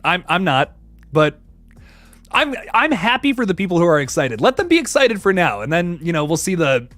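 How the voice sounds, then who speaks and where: A man's voice: sits high, big pitch swings, normal speed, fairly bright tone, dry recording, soft background music. A man hosting a casual livestream, chatty and laughing often as he greets viewers in the chat. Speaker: livestream host.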